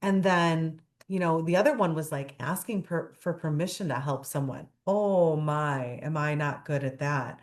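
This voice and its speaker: A woman chatting as a guest on a talk show, her voice sitting on the lower side. She tells stories with animated delivery and acts out the characters' lines as she goes. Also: measured pace, hardly any pauses. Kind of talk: casual chat.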